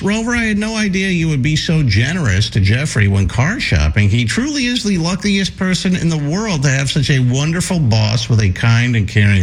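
A man hosting a radio talk show, teasing his co-hosts and reading listener messages aloud. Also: breathy edge. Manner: teasing, reads messages aloud with lively pitch.

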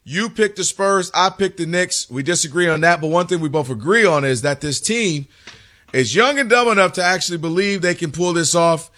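A man's voice: high-pitched, moderate pace. A man co-hosting a sports talk radio show, talking energetically and taking calls in a studio. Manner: energetic, runs the phone lines.

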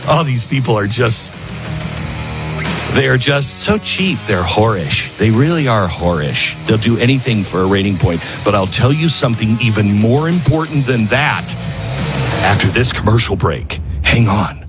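A man's voice: lowish voice, moderate pace, music in the background. A middle-aged man hosting a talk radio show, rambling and self-mocking as he reads ads and reacts to headlines. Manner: animated, rambling, self-mocking, jumps between mock voices. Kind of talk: talk radio monologue and host-read ads.

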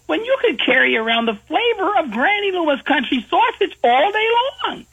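A man voicing a hot-tempered old country grandmother in a made-up radio drama, in a high shrill put-on voice. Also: big pitch swings, moderate pace, vocal fry, sharp tone, highs cut off, full character voice. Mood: scolding.

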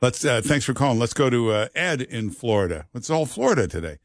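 A man's voice: mid-range voice, very animated, brisk, no echo. A man hosting a talk radio show, talking in an emphatic, repetitive way into a studio mic. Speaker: radio host.

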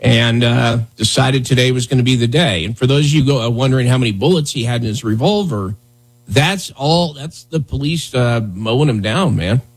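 A man's voice: medium pitch, normal speed, breathy edge, rough recording. A man hosting a morning radio show, talking loosely with a joking, sarcastic edge. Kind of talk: casual morning radio talk. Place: radio studio.

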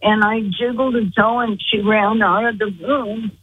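A woman guest slowly telling a personal story, calling in over the phone. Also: a little high, fairly even intonation, breathy edge, no room sound. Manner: slow, earnest storytelling. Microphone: phone call. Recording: tinny phone line.

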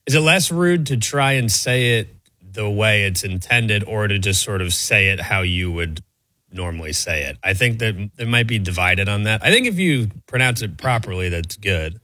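Brief: man, low-pitched sidekick on sports talk, dry, even delivery. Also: normal speed, no room sound. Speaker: show producer and co-host.

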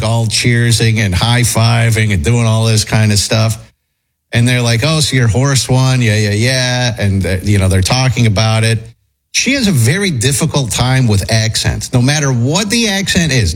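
A man's voice: medium pitch, breathy edge. A man telling a long rambling story in casual chat, full of fillers and restarts. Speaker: storyteller on a talk show.

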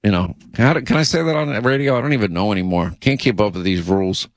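A man's voice: on the low side, quick pace, dry recording, clean studio sound. A man hosting a talk radio show, delivering an indignant opinion monologue full of restarts and asides. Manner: indignant, repeats himself, frequent uh and you know.

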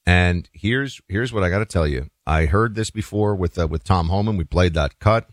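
A man's voice: low voice, normal speed, no echo. A man hosting a talk show, giving an emphatic, opinionated monologue with folksy asides to the listeners.

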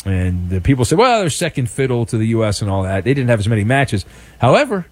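A man hosting a talk radio show, teasing his callers and riffing on sports news in a casual, quick-witted way. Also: mid-range voice, big pitch swings, dry recording. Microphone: studio microphone.

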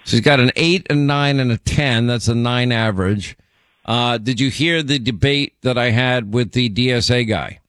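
A man's voice: medium pitch, normal speed, a bit bright, clear, resonant tone, no echo, studio quality. A man hosting a call-in radio show, chatting with callers and rambling through personal stories. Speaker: radio talk show host.

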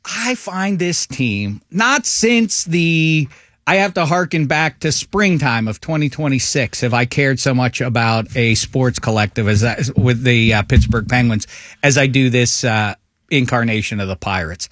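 A man's voice: mid-range voice, lively intonation, a little slow, fairly bright tone, no echo. A man guesting on a sports talk show over a headset, joking in grand, playful phrasing in casual chat.

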